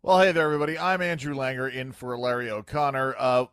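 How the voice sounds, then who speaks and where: A man's voice: mid-range voice, fast, clean tone, no echo, studio quality. A man hosting a talk radio show, giving wry commentary with lots of fillers. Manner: wry, animated, filler-heavy. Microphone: studio microphone.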